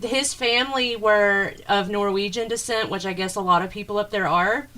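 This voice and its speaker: A woman's voice: medium pitch, fairly even intonation, normal speed, sharp tone. A woman with a Southern US accent, co-hosting an interview in a chatty way, swearing freely and drawing her words out. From American South. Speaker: co-host. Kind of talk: casual chat.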